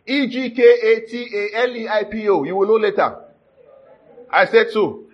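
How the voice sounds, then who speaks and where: A man with a high voice preaches a sermon at normal speed, teaching word by word and frequently asking the audience whether they're following. He checks in often, jokes, and laughs. The recording sounds dull and lo-fi.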